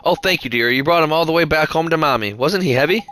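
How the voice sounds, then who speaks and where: A man's voice: fairly high pitch, fast talker, fairly bright tone, faint music behind, natural voice. A man putting on a doting old shopkeeper lady. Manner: doting, sing-song. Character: fussing elderly female shopkeeper, doting cat owner.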